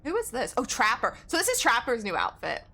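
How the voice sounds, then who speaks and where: A woman's voice: a little high, huge pitch swings, fairly quick, bright, forceful tone, soft background music. A woman game streamer in casual live-stream chat, rambling and giggling as she talks to her viewers.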